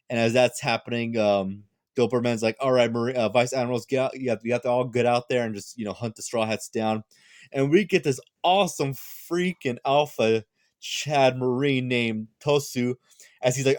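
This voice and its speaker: A tired young man reviewing a manga chapter in a casual, rambling chat, full of fillers and quick restarts. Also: mid-range voice, a little mellow, dry recording, clean studio sound.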